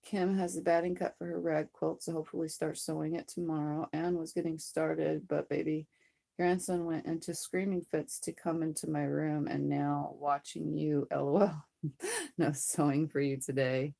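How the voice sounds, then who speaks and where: A hoarse woman chatting casually on a livestream from her sewing room, rambling and greeting viewers as she reads out their comments. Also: low voice, level tone, moderate pace, mellow. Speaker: live streamer.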